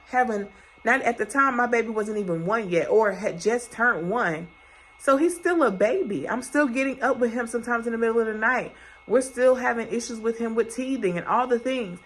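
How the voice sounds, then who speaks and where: A woman's voice: medium pitch, a bit bright, slight background noise, rough recording. A woman in her thirties giving an encouraging faith-based pep talk, repeating her points in a preacher-like cadence. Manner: exhorting, repetitive, preacher-like cadence. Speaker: faith and motivation vlogger.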